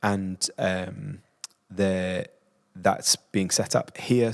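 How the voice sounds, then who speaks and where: A man's voice: low voice, fairly even intonation, takes it slowly, gravelly. A man co-hosting a casual Bible discussion podcast, explaining the text and acting out the prophet's lines in a raised voice. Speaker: podcast co-host. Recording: roomy reverb.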